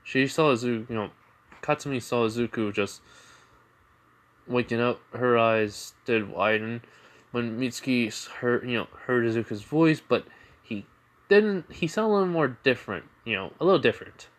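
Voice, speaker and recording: A man's voice: mid-range voice, moderate pace. Rambling man telling a fan story. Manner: rambling, full of "you know" and restarts. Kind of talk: improvised fan-fiction narration.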